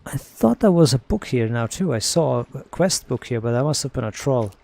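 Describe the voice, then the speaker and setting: A man's voice: mid-range voice, lively intonation, normal speed, creaky, mellow, no echo. A young man streaming a game, rambling through a story with casual swearing. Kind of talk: casual gaming chat.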